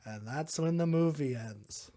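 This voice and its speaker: A man's voice: on the high side, a little slow, dark tone. A man hosting a podcast, casually recapping a movie in a rambling way, chuckling often and filling his talk with "like". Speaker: podcast host.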